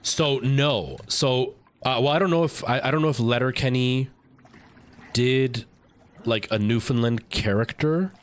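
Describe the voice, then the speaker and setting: A man's voice: mid-range voice, a little slow. A man streaming a game live, chatting casually with viewers in a rambling, talkative way. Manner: rambling, chatty, answering chat.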